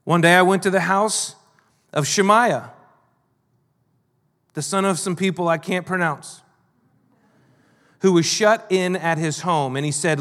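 A male pastor preaching a sermon, moving between emphatic and quiet delivery. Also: high-pitched, a little slow, pauses often, big-room sound.

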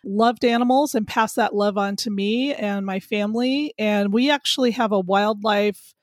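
Relaxed friendly woman from california, guest on a podcast, dry close sound. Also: mid-range voice, moderate pace, no echo. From California, USA. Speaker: guest author. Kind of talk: interview answers.

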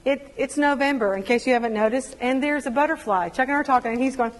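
Woman speaker, animated testimony, slightly high voice, echoing hall. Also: fast talker. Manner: animated storytelling, acts out quotes. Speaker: women's ministry speaker. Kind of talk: personal testimony sermon.

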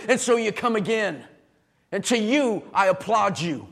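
A middle-aged man preaches from the pulpit, his voice sitting very high for a man. He talks with emotion, leaning on repeated phrases that build and build. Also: lively intonation, moderate pace, fairly bright tone. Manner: emotional, repetitive preaching with rising emphasis. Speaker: pastor. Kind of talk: sermon.

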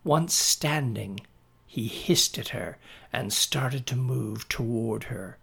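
A man reading a story aloud in a slow, deliberate way. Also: medium pitch, vocal fry, fairly bright tone, slightly rough. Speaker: narrator.

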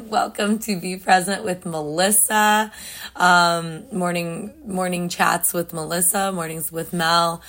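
A woman's voice: fairly low pitch, steady tone, takes it slowly, fairly bright tone. A young woman hosting a casual solo morning podcast, chatty and self-deprecating, laughing often, still waking up without her coffee. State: just woke up, no coffee yet. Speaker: podcast host.

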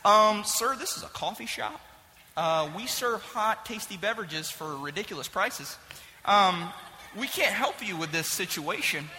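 A man putting on a deadpan, quiet barista. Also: high-pitched, measured pace, big-room sound, a little hiss or hum, full character voice. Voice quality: flat, deadpan, hesitant with ums. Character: polite, bored male coffee shop barista.

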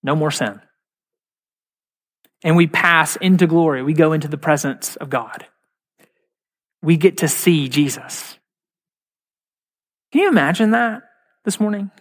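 A man, a pastor, preaching a sermon in a church with earnest repetition and slow emphatic stresses. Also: a little high. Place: church sanctuary. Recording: long reverb of a large hall.

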